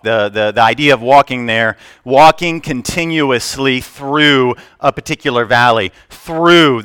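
A man preaching a sermon to a congregation, swinging between loud declarations and hushed asides, telling stories with humor. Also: mid-range voice, smooth, dry recording. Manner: storytelling with humor. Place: church.

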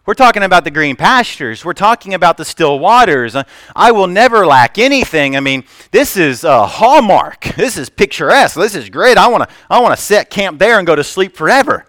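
A man preaching a sermon to a congregation, swinging between loud declarations and hushed asides, telling stories with humor. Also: high voice, sing-song, a little fast, hardly any pauses, dry recording. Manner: storytelling with humor. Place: church.

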